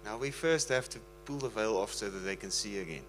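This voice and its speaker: A man's voice: fairly low pitch, brisk, a bit bright, slight background noise, poor audio. Earnest pleading male preacher. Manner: earnest, pleading, breaks into laughter. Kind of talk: casual sermon talk.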